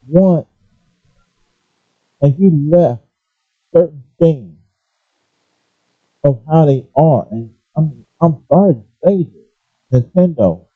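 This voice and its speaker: A man ranting casually about gaming and pausing often to apologize for his language. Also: sits high, no echo. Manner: animated, apologetic asides, restarts. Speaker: gaming commentator. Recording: dull lo-fi, dry.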